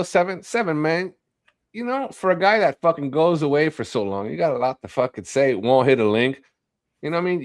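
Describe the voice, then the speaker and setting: A man's voice: medium pitch, a bit bright, no echo. A man ranting and trash-talking in a crude, profane casual stream chat. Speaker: stream guest. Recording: dry close mic.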